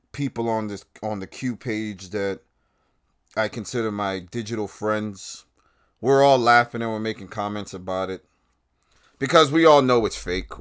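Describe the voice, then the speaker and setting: Man, podcast host, casual rant, profane, sarcastic, heated, mid-pitched voice. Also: fairly bright tone. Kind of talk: casual ranting commentary.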